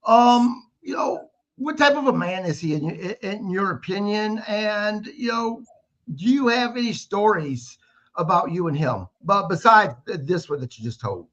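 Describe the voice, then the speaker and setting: A man hosting a wrestling podcast, asking interview questions with halting, stammering restarts. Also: sits high, expressive, fairly bright tone. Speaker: podcast host. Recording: slightly dull lo-fi audio.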